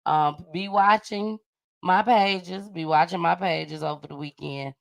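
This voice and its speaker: Middle-aged woman, low voice, chatty show host, laughs a lot, teasing. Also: a little slow, vocal fry, lo-fi sound. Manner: laughs often, animated and teasing. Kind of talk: casual chat.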